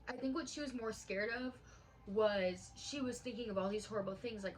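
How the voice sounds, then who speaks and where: A woman's voice: mid-range voice, moderate pace, a little hiss or hum, rough recording. Earnest woman in her late twenties. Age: late 20s. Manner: earnest and heartfelt, casual with many fillers. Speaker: vlogger. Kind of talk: personal storytime vlog.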